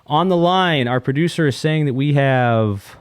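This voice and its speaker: A man's voice: a little high, unhurried, clean tone, dry recording, clean studio sound. A man hosting a call-in segment of a podcast in an easygoing, casual way. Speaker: podcast host.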